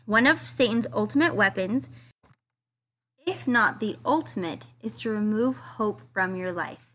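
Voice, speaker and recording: A woman's voice: medium pitch, a little slow, a bit bright. A woman giving a casual, earnest devotional study talk, reading quotes aloud with enthusiasm. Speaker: scripture study teacher.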